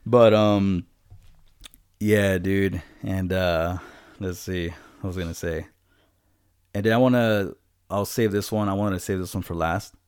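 A man's voice: low-pitched, fairly even intonation, measured pace, long pauses, darkish tone, clear, resonant tone, no room sound, clean studio sound. A man co-hosting a podcast, telling stories in a loose, profane, laid-back way. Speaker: podcast co-host. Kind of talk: casual storytelling.

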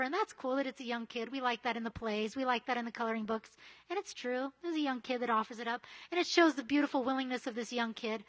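A woman's voice: high voice, a bit bright. A woman giving a casual, conversational sermon, full of chatty asides and frequent "right?" checks with her listeners. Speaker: preacher.

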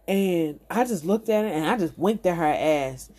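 A woman's voice: lowish voice, measured pace, dark tone. A woman host telling a comic story in a casual, profane and exasperated way. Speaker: podcast host.

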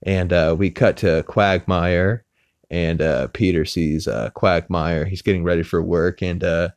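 Deep-voiced man rambling through a recap. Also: steady tone, unhurried, no room sound. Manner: rambling, lots of "uh" fillers. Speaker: podcast host. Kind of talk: casual episode recap. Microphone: podcast mic.

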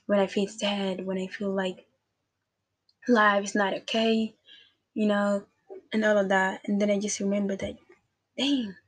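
A woman giving a casual devotional talk as a faith vlogger, earnest and repetitive, speaking straight to her listeners. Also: medium pitch.

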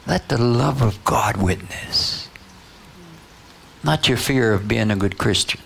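A man preaching slowly and deliberately, his voice carrying a gravelly edge. He keeps checking in with his congregation through short "Huh?" and "Yes?" prompts between points. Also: medium pitch, a bit bright, slight background noise. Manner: call-and-response preaching, frequent "Huh?" and "you know". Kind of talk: sermon.

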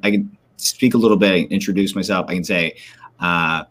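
Deep-voiced joking male podcast host. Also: normal speed. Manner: joking, teasing, animated. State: tired. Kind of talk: casual podcast banter.

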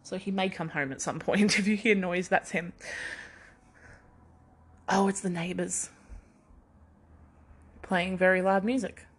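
A woman's voice: fairly low pitch, steady tone, a little slow, pauses often, husky. A young adult woman hosting a podcast on her own, rambling in casual chat and laughing at herself often. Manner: rambling, chatty, self-deprecating, laughs often. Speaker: podcast host.

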